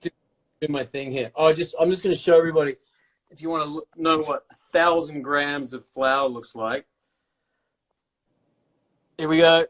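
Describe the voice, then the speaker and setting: A man's voice: a little high, steady tone, moderate pace, pauses often, a bit bright. A middle-aged man chatting casually and joking on a live stream as he bakes along. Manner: playful, rambling, jokes and teases. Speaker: co-host baking along.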